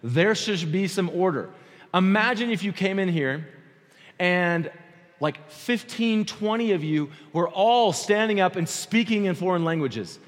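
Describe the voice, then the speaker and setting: A man preaching a sermon as pastor in a conversational, animated way, often checking in with his listeners. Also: high-pitched. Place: church sanctuary. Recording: long hall reverb.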